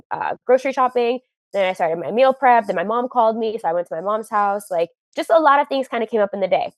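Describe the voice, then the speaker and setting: A woman's voice: medium pitch, no echo. Chatty young woman caller. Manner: animated retelling, acts out others' lines, many "like"s. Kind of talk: casual storytelling on a call-in show.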